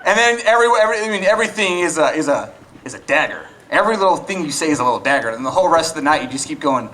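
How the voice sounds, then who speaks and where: A man's voice: high voice, very animated, fast, fairly bright tone, slight background noise, low-quality recording. A young man doing a stand-up comedy set, acting out both sides of arguments with his wife. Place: comedy club stage. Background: audience laughter.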